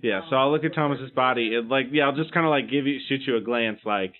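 A man's voice: mid-range voice, fast talker. Male tabletop player, hedging and rambling, narrow phone-line sound. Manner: thinks aloud, hedging with fillers. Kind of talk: casual tabletop role-play. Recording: tinny phone-like call audio.

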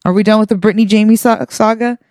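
A woman co-hosting a podcast in casual chat, animated and laughing often as she tells stories. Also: medium pitch, fast, no room sound. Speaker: podcast co-host.

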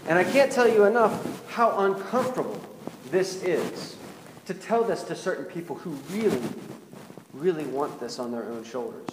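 A male pastor delivers a sermon in a chatty, conversational manner, stopping to put questions straight to his congregation. His voice sits a little high for a man. The sound rings with a long, echoey hall reverb over a faint room ambience. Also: slight background noise.

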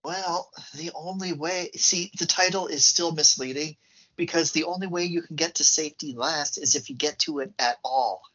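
A man's voice: a little high, normal speed, pushed and bright, highs cut off. A man co-hosting a podcast, trading short replies and dry puns in casual film talk. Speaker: podcast co-host.

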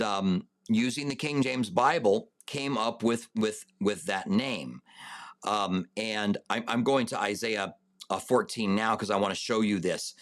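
A man teaching a Bible study and answering viewer questions, unhurried, with many fillers and restarts, and a raised, emphatic voice when reading scripture aloud. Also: on the low side.

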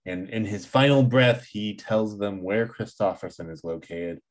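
Low-voiced man recapping a plot. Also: unhurried. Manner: recaps plot, laughs often. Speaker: podcast co-host. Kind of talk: casual chat.

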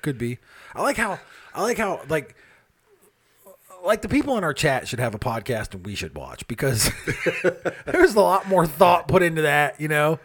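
A man co-hosting a paranormal podcast, casual and animated, swearing and laughing often. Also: on the high side, normal speed. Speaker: podcast co-host.

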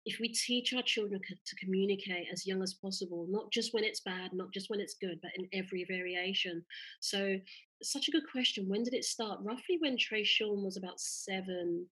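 A bright, sharp-edged woman's voice. She is middle-aged and talks as an interview guest, lively and full of stories, often acting out what others said. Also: medium pitch, a little fast, breathy edge, rough recording. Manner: animated storyteller, laughs often, acts out quotes. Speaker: interview guest, mother of three. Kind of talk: casual interview chat.

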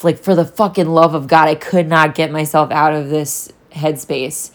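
A woman's voice: low-pitched, little pitch movement, moderate pace. A young woman talking candidly in a solo vlog, rambling and swearing freely as she reflects. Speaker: vlogger. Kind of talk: casual solo vlog talk.

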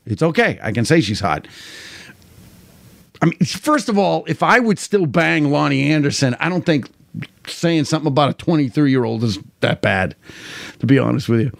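A man's voice: on the high side, expressive, normal speed, vocal fry, no echo, clean studio sound. A man, hosting a livestream in loose, crude, jokey rambling. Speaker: livestream host. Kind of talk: casual chat.

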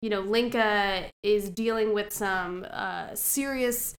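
A woman co-hosting a podcast, telling stories in a sardonic, lively way in casual chat. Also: mid-range voice, takes it slowly.

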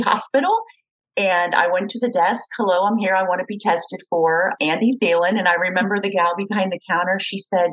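A woman's voice: medium pitch, breathy edge, lo-fi sound. A middle-aged woman tells her personal story in an interview, acting out the voices of the people she quotes. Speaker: guest, kidney donor.

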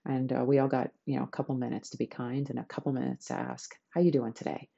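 Gravelly, husky podcast host. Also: mid-range voice, level tone, fast, warm tone, highs cut off. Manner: chatty and enthusiastic, addresses listeners as guys. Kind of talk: casual motivational self-help talk.

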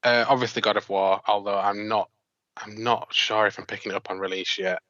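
A man's voice: fairly low pitch, level tone, brisk, pushed and bright, dry recording, dull audio. A man in a casual podcast chat, matter-of-fact. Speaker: podcast co-host.

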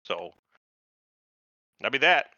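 A man's voice: mid-range voice, sing-song, slow pace, pushed and bright, no echo, dull audio. A man in casual podcast chat, rambling and profane, acting out the voices of people he describes. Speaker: podcast host.

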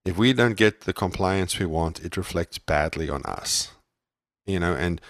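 Deep-voiced man from South Africa, musing. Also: creaky, dry recording, clean studio sound. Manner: reflective, self-deprecating, many restarts. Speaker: podcast co-host. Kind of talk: casual parenting podcast chat.

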